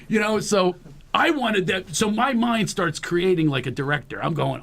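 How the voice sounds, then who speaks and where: A man's voice: sits high, lively intonation, moderate pace, gravelly, a bit bright, a little hiss or hum. A middle-aged man hosting a show, telling a funny story with animation and acting out the voices of the people in it. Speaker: host. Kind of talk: comic storytelling.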